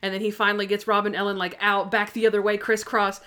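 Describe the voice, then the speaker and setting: A young woman in casual chat, retelling TV episodes with quick acted-out lines. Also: mid-range voice, level tone, pushed and bright, smooth. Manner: chatty retelling of TV scenes, acting out lines.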